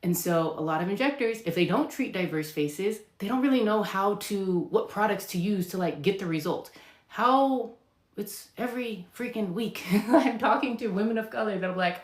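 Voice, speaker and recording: A woman's voice: medium pitch, animated, normal speed. A woman nurse practitioner answering viewer questions in casual live talk, emphatic and chatty, with lots of fillers and acted-out patient lines. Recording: echoey room.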